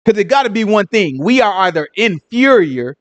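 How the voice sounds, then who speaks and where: A man teaching a Sabbath congregation, his fairly high voice leaping up and down as he fires off rhetorical questions. His delivery is loose and conversational, and the sound is close and dry with little room around it. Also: big pitch swings, moderate pace, a bit bright, no room sound.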